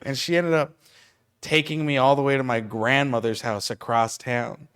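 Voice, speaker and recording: A man hosting a podcast who tells stories in an animated way, laughing often as he goes. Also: mid-range voice, normal speed, smooth. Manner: animated storyteller, laughs through his stories. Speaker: podcast host and stand-up comedian. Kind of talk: casual podcast chat.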